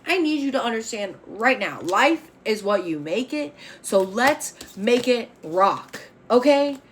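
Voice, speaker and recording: A woman's voice: fairly high pitch, very animated, measured pace, a little hiss or hum. A woman reading tarot cards on a spiritual vlog, speaking bluntly and with fiery emphasis, swearing freely as she makes bold declarations. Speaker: tarot reader.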